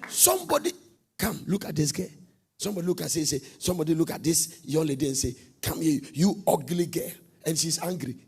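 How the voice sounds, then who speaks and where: A middle-aged man preaching a sermon, swinging from soft, low talk to shouted, sing-song bursts. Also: fairly quick, creaky, breathy edge.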